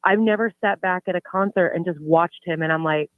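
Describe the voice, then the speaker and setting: A woman's voice: lowish voice, brisk, no room sound. Heartfelt woman caller, dull line. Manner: heartfelt, animated storytelling. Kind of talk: casual phone-in chat.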